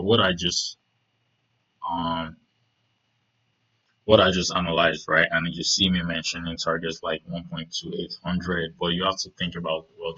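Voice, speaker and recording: A man's voice: deep voice, pushed and bright, dull audio. A man casually talking through trading charts, rambling with many fillers and "right?" checks. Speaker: trading video host.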